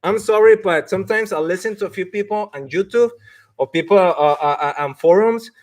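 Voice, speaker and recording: Man, fairly high voice, career coach, emphatic, laughs a lot, mocks bad advice in quoted voices. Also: fairly quick, a little mellow. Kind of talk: live-stream career talk.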